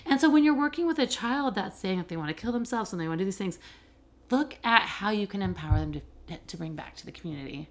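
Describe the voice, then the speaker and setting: Candid, animated middle-aged woman podcaster. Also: mid-range voice, quick pace. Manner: candid, animated storytelling with frequent fillers. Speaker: podcast host and educator working with children and families. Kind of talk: casual podcast monologue.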